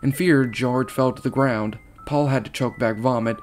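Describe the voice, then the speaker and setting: A man reading a horror story aloud, steady, with small slips and restarts. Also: mid-range voice, normal speed, a little hiss or hum. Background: faint guitar music.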